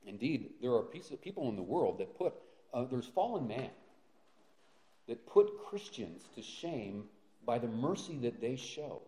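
A man's voice: mid-range voice, sing-song, a little slow, warm tone. A male pastor preaching a sermon, earnest, with rhetorical questions and frequent fillers and restarts. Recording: roomy echo.

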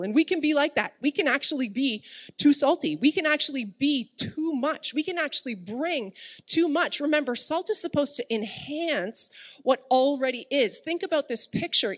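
Chatty woman preaching a sermon. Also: sits high. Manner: chatty, laughing asides to the congregation. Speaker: pastor. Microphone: streamed service, speaking to online chat.

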